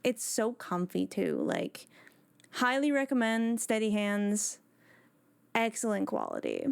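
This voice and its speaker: A woman's voice: mid-range voice, huge pitch swings, takes it slowly, vocal fry, clear, resonant tone. A woman live streaming from home on a desk microphone, chatting casually with her viewers and greeting them one by one.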